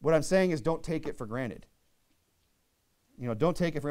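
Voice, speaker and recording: A man's voice: on the high side, expressive, brisk, long pauses, a little mellow. A young man preaching an earnest sermon, reading scripture aloud and often restarting his sentences. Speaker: pastor.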